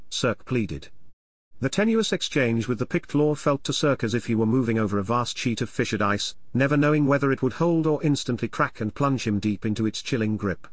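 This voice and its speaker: A man narrating an audiobook in a measured, expressive reading. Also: mid-range voice, dry recording. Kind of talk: scripted narration.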